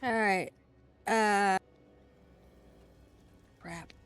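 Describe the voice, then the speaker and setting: A woman playing a tabletop game speaks in a steady mid-range voice. Her delivery is dry and sarcastic throughout. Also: medium pitch, drawn-out words, smooth, soft background music. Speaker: player.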